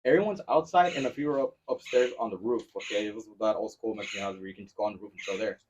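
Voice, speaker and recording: A man talks quickly as a podcast guest, telling his story with a loose, profane energy. His voice comes through a dull, lo-fi recording. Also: fairly low pitch, far from the mic, a little hiss or hum. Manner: fast, animated, profane storytelling. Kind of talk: casual chat. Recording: dull lo-fi sound.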